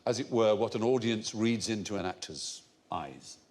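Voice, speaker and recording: Lively man hosting a quiz panel show. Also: lowish voice, normal speed. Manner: lively, wordy, playfully pompous. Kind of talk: panel show banter and explanation. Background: studio audience laughter.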